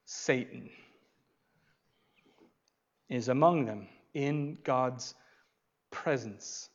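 A man preaching an expository sermon, slow and emphatic, swinging from loud declarations to quiet asides. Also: mid-range voice, muffled recording.

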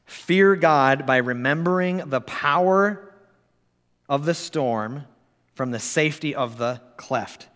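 Slow, earnest male preacher. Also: medium pitch, fairly bright tone. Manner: measured, earnest, slow delivery. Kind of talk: sermon, reading a quote aloud. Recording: long hall reverb.

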